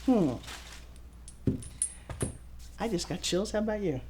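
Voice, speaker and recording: A woman in her fifties giving a casual walking tour of her studio, excitable and showy, talking straight to the camera. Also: medium pitch, slow pace, slight background noise. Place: her own studio and offices, indoors.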